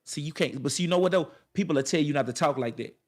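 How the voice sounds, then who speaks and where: A man with a fairly high voice delivers a motivational monologue straight to his viewers. He talks in a casual, colloquial way and hammers his points home through repetition. His delivery has the rising cadence of a preacher. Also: fast talker. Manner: colloquial, addresses viewers directly. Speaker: motivational speaker.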